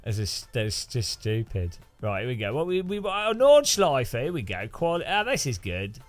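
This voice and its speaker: A man's voice: medium pitch, wildly swooping pitch, normal speed, dry recording, soft background music. Jokey man rambling over sim racing. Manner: rambling, jokey, laughs often. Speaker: sim racing channel host. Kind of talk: casual gameplay commentary.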